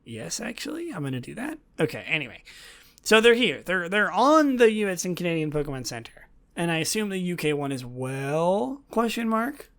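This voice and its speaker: A woman hosting a solo podcast, chatting in a gushing, excitable way that often drops into soft whispers. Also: lowish voice, moderate pace. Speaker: podcast host.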